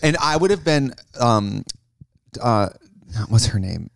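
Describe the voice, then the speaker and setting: A young man co-hosts a loose, joking podcast chat and breaks into loud bursts of laughter. His pitch sits at an ordinary middle height. The sound is close and dry with no room around it. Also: animated, takes it slowly, vocal fry, no room sound. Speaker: podcast co-host. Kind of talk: casual chat.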